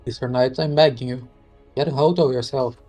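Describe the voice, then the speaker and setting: A man voices a hero inner voice begging the others to stop fighting. His mid-pitched voice sounds anxious and pleading, with faint music behind. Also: fairly even intonation, a little fast, a little mellow, lightly acted. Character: timid heroic inner voice pleading for calm.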